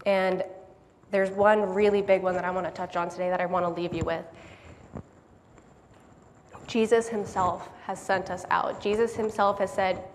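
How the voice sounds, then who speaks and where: A woman giving a sermon in a church hall, earnest and quick to laugh at herself. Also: mid-range voice, steady tone, slight background noise. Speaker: lay speaker giving a church message. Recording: long hall reverb, faint background ambience.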